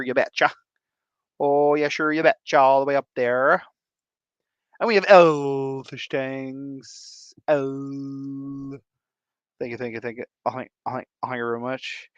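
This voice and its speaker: A man from Michigan hosting a livestream, giving goofy, playful shout-outs to his viewers. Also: mid-range voice, dry recording, dull audio. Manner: playful and goofy, drawn-out silly repetitions. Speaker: livestream host.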